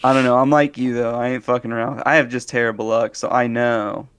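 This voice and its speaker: Man, podcast co-host, casual banter, jokey, mid-pitched voice. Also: steady tone, a little fast, a bit bright, clean tone. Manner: jokey, laughs often, mimics people in quotes. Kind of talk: casual chat.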